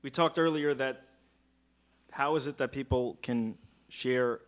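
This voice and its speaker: Guy chatting casually, animated and quick, mid pitch voice. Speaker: conversation partner. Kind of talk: casual chat.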